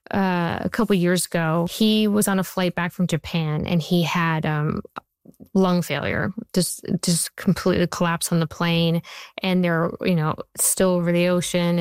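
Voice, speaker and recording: A woman in her forties with a smooth, lowish voice, answering interview questions as a TV writer. She talks in a chatty storytelling way, with plenty of "like" and "um". The sound is dry and close. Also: darkish tone, no echo. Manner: chatty storyteller, many fillers. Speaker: TV writer and showrunner.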